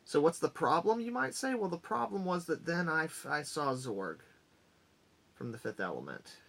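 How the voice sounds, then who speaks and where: A man's voice: a little high, big pitch swings, moderate pace, gravelly, a bit bright. A man in a casual vlog, enthusiastically rambling as he rattles off items from his collection one after another.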